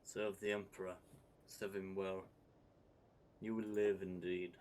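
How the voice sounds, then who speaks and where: A man voicing a stoic, devout servant of the Emperor in a put-on accent, speaking slowly and solemnly. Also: sits low, flat delivery. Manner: solemn, slow, quiet. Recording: faint background noise.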